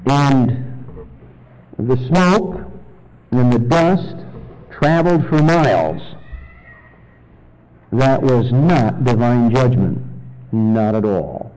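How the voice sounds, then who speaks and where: A man preaching a sermon and reading scripture, teaching in a measured, deliberate way with solemn emphasis. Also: mid-range voice, a little mellow. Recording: long reverb of a large hall.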